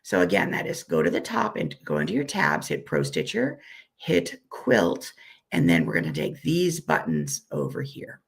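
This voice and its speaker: A woman with a weak, hoarse voice from a recent illness gives a friendly, self-deprecating live software tutorial and repeats each step slowly. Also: a bass voice, wildly swooping pitch. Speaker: software instructor.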